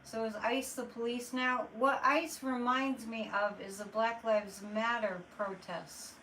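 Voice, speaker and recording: A woman talks loosely to her live-stream viewers in a slightly raised, bright and forceful voice, tossing out exasperated asides. She sits some way back from the microphone. A faint hum of room noise lies underneath. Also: fairly high pitch, fairly even intonation, a little slow, distant mic, low-quality recording. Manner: chatty, exasperated asides, reads viewer comments aloud. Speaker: psychic livestream host. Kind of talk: casual live-stream chat.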